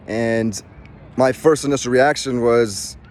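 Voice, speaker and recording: A man's voice: mid-range voice, slow pace, darkish tone. A middle-aged man, a former Marine, telling a personal story in casual, rambling speech with many restarts. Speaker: former Marine recounting a rescue.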